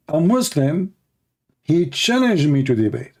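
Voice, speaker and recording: A man with a mellow, darker voice hosting a livestream. He rants in a sarcastic, mocking tone, often slipping into jeering impressions of others. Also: on the high side, very animated, normal speed. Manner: mocking, sarcastic, acts out opponents. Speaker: livestream debate host. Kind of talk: casual livestream rant.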